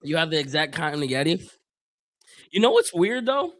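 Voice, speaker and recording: Chatty hoarse man calling a game live. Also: fairly high pitch, big pitch swings, moderate pace, fairly bright tone, dry recording. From Northeast Ohio. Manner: chatty, loose slang, reads chat aloud. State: voice going hoarse. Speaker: live stream play-by-play host. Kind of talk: casual live play-by-play commentary.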